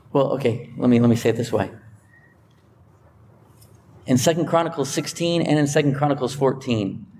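A male pastor delivering a sermon in an earnest, emphatic way, his voice climbing when he presses a point. He sometimes pauses to rephrase or correct himself mid-thought. A faint hiss sits under the recording. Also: a little mellow. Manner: emphatic, rising in pitch when stressing a point; restarts and self-corrections while thinking aloud.

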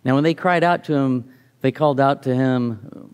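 A man's voice: medium pitch, normal speed, a little mellow, smooth. A middle-aged man giving a reflective sermon, reading scripture aloud and often restarting his phrases. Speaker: preacher.

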